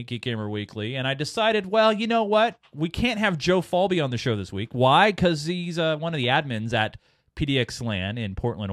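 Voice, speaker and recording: A man's voice: mid-range voice, no echo, clean studio sound. A man hosting a podcast, joking with his panel and laughing often. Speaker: host. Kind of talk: casual podcast chat.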